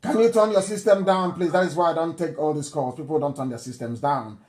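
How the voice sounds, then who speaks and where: A man's voice: fairly high pitch, fairly quick, darkish tone. A Nigerian man hosting a live broadcast, speaking emphatically and repeating his points insistently. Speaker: broadcast host. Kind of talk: live radio broadcast address.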